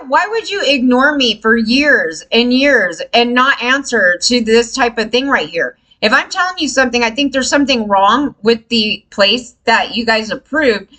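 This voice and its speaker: A woman vlogger ranting casually to camera, frustrated and animated, swearing freely and mimicking others. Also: on the high side, rough recording.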